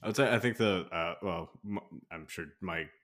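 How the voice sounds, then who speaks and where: A man on a casual podcast, talking in a relaxed, slightly hesitant way and repeating words. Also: deep voice, normal speed. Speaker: podcast panelist. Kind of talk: casual chat.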